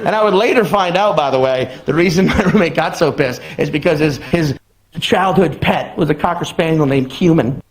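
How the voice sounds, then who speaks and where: A young man performing a stand-up comedy routine on a club stage, telling the story with animated, acted-out exclamations. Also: on the high side, moderate pace, poor audio. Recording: live audience laughter. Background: crowd laughing.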